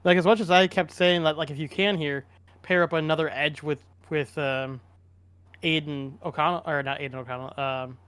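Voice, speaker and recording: A man's voice: a little high, steady tone, normal speed, fairly bright tone, clear, resonant tone, no echo. A man co-hosting a casual sports podcast, rambling and opinionated with frequent restarts. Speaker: podcast co-host.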